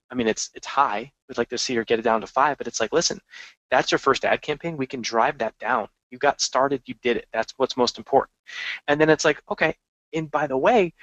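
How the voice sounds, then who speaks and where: Energetic man, dry close mic. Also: medium pitch, a little fast, no room sound, highs cut off. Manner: energetic, conversational, frequent restarts and asides. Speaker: podcast host and marketing coach. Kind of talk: casual business podcast monologue.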